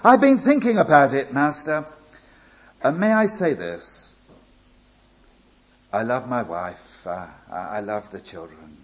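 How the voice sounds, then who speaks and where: Preacher doing a humble slave guy, pleading and earnest, slow, muffled old recording. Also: mid-range voice, animated. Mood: tender devoted. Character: devoted humble male slave, grown man.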